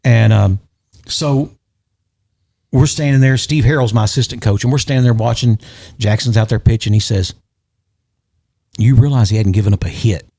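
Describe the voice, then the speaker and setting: A man's voice: medium pitch, normal speed, gravelly, long pauses. Middle-aged man spinning a story. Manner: animated, acts out quoted voices. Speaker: podcast guest or host. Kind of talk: casual storytelling chat.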